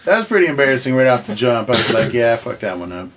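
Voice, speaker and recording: A man's voice: mid-range voice, big pitch swings, fast, a crowd in the background. A man on a podcast chatting casually, swearing freely and laughing as he talks. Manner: laid-back, profane, laughs while talking. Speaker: podcast co-host. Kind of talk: casual chat.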